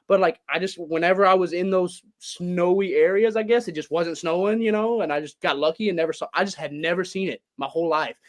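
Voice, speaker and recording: A man's voice: sits high, brisk, hardly any pauses. A man from Louisiana with a mixed north Louisiana and Cajun accent, telling stories as a guest in a casual podcast interview from his home. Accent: Louisiana, mix of north Louisiana and Cajun. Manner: rambling, animated storytelling with many fillers. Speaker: guest, pro wrestler.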